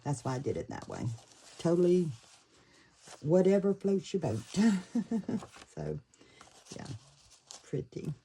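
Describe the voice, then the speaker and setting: A woman casually talking through a handmade journal, thinking aloud and pausing to fiddle with the pieces. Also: lowish voice, very animated, mellow, slightly rough, poor audio. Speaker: paper craft creator. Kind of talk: casual craft flip-through.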